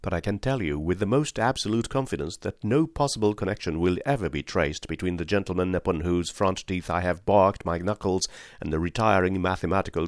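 Deep-voiced male narrator, measured audiobook delivery, dry close mic. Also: no echo. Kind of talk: scripted narration of a classic detective story.

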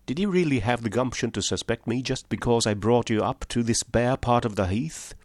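A man's voice: mid-range voice, brisk, dry recording, voice pushed up, close to an everyday voice. Man reading as Flambeau, gloating master thief. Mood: astonished. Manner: triumphant, scornful. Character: towering boastful master criminal, adult man.

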